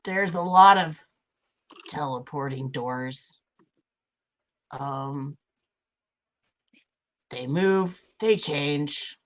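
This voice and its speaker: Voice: mid-range voice, extremely slow, long pauses, a bit bright. A tabletop game player speaking in character, giving the group careful warnings with many ums.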